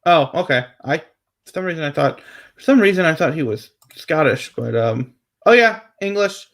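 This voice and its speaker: A man's voice: a little high, expressive, normal speed. A man co-hosting a casual wrestling predictions chat, rambling with many fillers and restarts.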